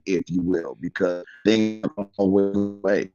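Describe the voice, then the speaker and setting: Deep-voiced man on a muffled call. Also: steady tone, mellow, dry recording. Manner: halting, loses his thread. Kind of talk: casual sports talk show.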